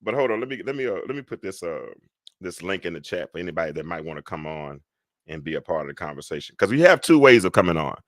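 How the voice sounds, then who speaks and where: A man hosting a live call-in talk show, rambling and animated, swinging between loud and soft talk. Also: low-pitched, fast, no room sound, clean studio sound.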